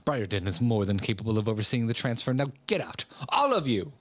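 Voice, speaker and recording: A haughty, wealthy woman collector, voiced by a man reading game lines. She talks down to everyone in an imperious, theatrical way, with a lively, swooping tone. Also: mid-range voice, quick pace, no echo, lightly acted. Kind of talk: streamer reading game dialogue aloud.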